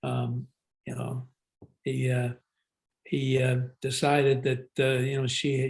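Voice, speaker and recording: An older man, a guest actor, tells stories in a casual interview, rambling with many fillers and restarts. His voice is medium in pitch, gravelly, monotone, and slow.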